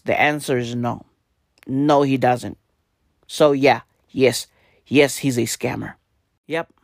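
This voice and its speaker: A podcast host, hoarse with his voice nearly gone and low on energy, delivers a casual, profane comedic rant. He repeats himself and keeps tagging lines with slang like "bruv" and with "right?". The recording is dry and studio quality.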